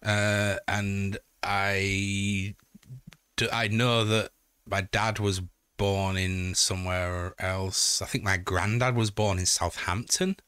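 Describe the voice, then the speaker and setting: A man's voice: fairly low pitch, flat delivery, slow pace, fairly bright tone, clean tone, no room sound, clean studio sound. A man with a Yorkshire accent, chatting casually on a live stream, joking and swearing as he reads out chat messages. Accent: Yorkshire (Hull). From Yorkshire, England.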